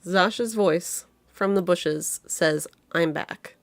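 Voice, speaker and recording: Slow, creaky-voiced woman game master. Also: lowish voice, dry recording. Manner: halting, with many fillers and restarts. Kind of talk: narrating a tabletop game.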